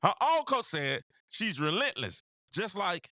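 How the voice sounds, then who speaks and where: Male sports talk host, high and very lively pitch, addresses his audience directly, repeats points. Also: a little slow, dry recording, clean studio sound. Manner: animated, repeats phrases, talks straight to viewers. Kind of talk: casual basketball commentary.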